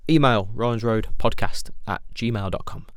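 A man's voice: on the low side, measured pace, clear, resonant tone, no room sound, studio quality. A man in his thirties hosting a podcast, talking bluntly in a casual monologue with a lot of swearing, acting out what people say. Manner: blunt, swears a lot, acts out quoted lines. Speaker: podcast host.

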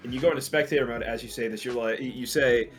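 A man in casual gaming chat, telling stories with loud acted-out reactions and frequent swearing. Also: medium pitch, fast talker, soft background music. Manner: animated storyteller, swears, acts out reactions loudly.

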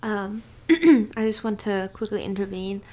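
A young woman chats on a podcast in a relaxed, hesitant way, often stopping to find her words. Her pitch is ordinary for a woman. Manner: halting, gathers her thoughts with many "um"s. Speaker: podcast co-host. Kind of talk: casual chat.

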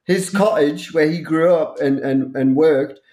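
A man's voice: on the high side, measured pace, darkish tone. A man from Newcastle, co-hosting a podcast in a chatty, jokey way with many restarts. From Newcastle, England. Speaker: podcast co-host. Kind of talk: casual podcast chat.

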